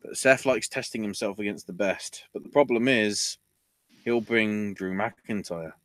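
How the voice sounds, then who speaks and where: Bright-voiced man in a casual podcast rant. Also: measured pace, no echo. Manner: ranting, swears, voice jumps high when riled. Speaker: podcast host.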